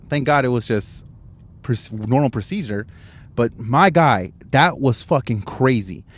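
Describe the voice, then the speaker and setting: A man's voice: mid-range voice, no room sound. A man hosting a casual solo podcast, recorded in his parked car at a gas station with a handheld microphone, talking in a profane, rambling storytelling way. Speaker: podcast host. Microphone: handheld microphone, wearing headphones.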